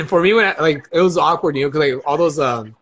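A man's voice: on the high side, brisk, vocal fry, fairly bright tone, husky, highs cut off. A young man from California, rambling in casual banter with lots of swearing and fillers.

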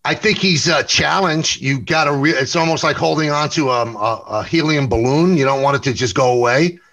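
Brief: middle-aged man, New York accent, slightly high, bright voice, loose anecdotal talk with restarts. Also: rough recording. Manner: storytelling, quick self-corrections, repeats words. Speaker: sportscaster and interview show host, guest here. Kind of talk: casual interview conversation.

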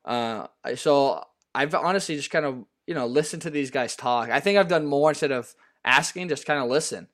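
A man's voice: mid-range voice, fairly bright tone. A young man, a baseball player, talking casually as an interview guest with many fillers and restarts. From US Pacific Northwest. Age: young adult. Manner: halting, full of fillers and restarts.

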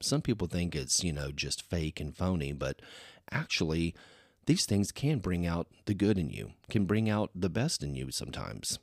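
Very deep-voiced man chatting casually. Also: big pitch swings, normal speed, dry recording, clean studio sound. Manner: rambling and chatty, full of "you know". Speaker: podcast host. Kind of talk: casual solo podcast chat.

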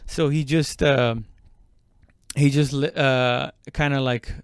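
A man with a medium-pitched, clean voice and fairly even intonation speaks slowly, telling a casual story that wanders with lots of fillers and restarts. He swears freely and loudly dramatizes quoted speech.

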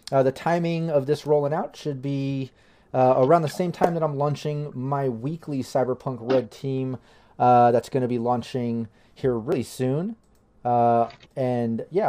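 A man's voice: mid-range voice, mellow, slight background noise. A man hosting a live tabletop game stream as game master, upbeat and rambling with lots of fillers. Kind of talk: casual livestream chat.

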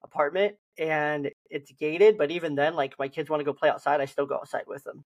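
A young man co-hosting a podcast, chatting casually and acting out gentle reassuring lines to a lost child. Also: on the high side, fairly even intonation, brisk. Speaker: podcast host. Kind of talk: casual chat.

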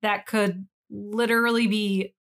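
A woman's voice: medium pitch, little pitch movement, measured pace, fairly bright tone. A young woman co-hosting a podcast in casual chat, rambling and giggly, swearing casually. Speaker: podcast co-host.

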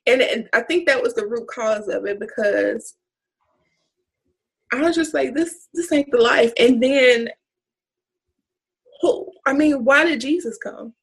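Higher-pitched woman, husky, earnest. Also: slow pace, long pauses, low-quality recording. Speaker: podcast co-host. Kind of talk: casual faith talk.

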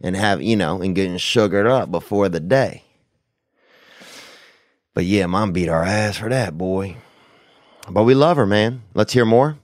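A man's voice: fairly low pitch, unhurried, long pauses, no room sound, clean studio sound. A man hosting a talk show, telling rambling comic stories full of slang and swearing. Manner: profane, animated, slangy. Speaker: podcast host answering listener questions. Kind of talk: rambling comedic storytelling.

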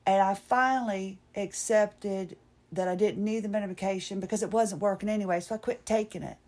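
A woman's voice: mid-range voice, fairly even intonation, fairly quick, a little mellow. A woman hosting a podcast, telling a candid, rambling personal story alone and poking fun at herself. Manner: candid, rambling, self-deprecating. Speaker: podcast host.

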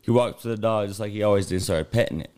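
A low-voiced man hosts a studio podcast and tells a story from his own life. He talks bluntly and profanely, stopping to fill in backstory as he goes. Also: darkish tone, smooth. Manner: blunt, profane, rambling with quick asides. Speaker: podcast host. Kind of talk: casual storytelling.

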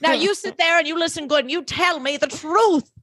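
A woman's voice: very high voice, brisk, fairly bright tone, no room sound, voice pushed up. A woman acting out a furious man from an old Hollywood melodrama, with theatrical, clipped scolding. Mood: indignant.

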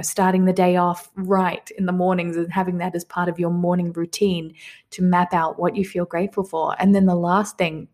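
A woman who teaches manifestation, leading listeners through affirmations and repeating them slowly and calmly. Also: lowish voice. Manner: calm, slow repeated affirmations. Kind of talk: guided affirmation lesson.

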